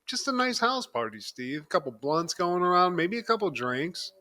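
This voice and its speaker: A man co-hosting a chatty podcast recap, his voice sitting a bit high for a man. He tells the story loosely and laughs along as he goes, often turning to his co-host by name. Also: big pitch swings, moderate pace, sharp tone. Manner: keeps addressing co-host by name.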